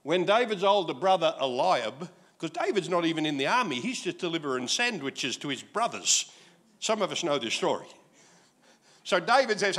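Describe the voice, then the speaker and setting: Lively Australian preacher in his sixties. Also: high-pitched, normal speed. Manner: jokey, animated storytelling with acted asides. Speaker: pastor. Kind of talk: sermon.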